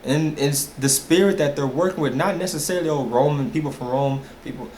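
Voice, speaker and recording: A man's voice: a little high, fairly quick, darkish tone. A man giving an emphatic, rambling, informal religious talk straight to his viewers. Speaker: religious video speaker. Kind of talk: informal preaching monologue. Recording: roomy echo with faint hiss.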